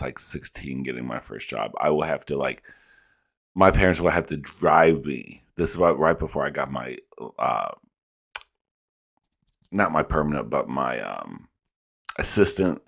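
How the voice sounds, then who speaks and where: Man, very low voice, profane, animated reaction-video storyteller. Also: vocal fry. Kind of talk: casual reaction commentary.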